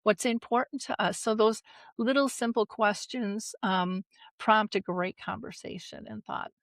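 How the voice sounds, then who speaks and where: A middle-aged woman, a guest on an interview podcast, telling personal stories in an animated, emotional way and acting out the voices in them. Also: mid-range voice, a little slow, no room sound. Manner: animated, emotional storyteller who acts out voices. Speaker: guest, dementia caregiving advocate. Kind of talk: conversational storytelling.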